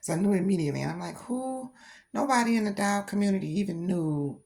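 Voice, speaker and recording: A woman's voice: medium pitch, quick pace, gravelly. A middle-aged woman who has grandchildren, telling a personal story in a casual doll-collecting vlog with frequent laughter. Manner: animated storytelling, laughs often. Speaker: reborn doll vlogger.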